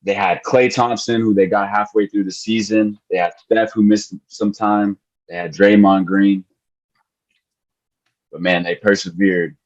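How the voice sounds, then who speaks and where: Emotional low-voiced man, lo-fi sound. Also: steady tone, measured pace. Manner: emotional, repeats himself, calls people bro and man. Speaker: podcast co-host. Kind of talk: excited casual sports chat.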